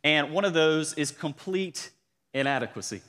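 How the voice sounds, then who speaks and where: A man's voice: on the high side, expressive, moderate pace, a bit bright. A young man with a Southern accent, preaching as a student pastor and calling out to the congregation. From South Georgia, USA. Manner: upbeat, calls to the congregation. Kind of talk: sermon. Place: church sanctuary. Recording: long church reverb.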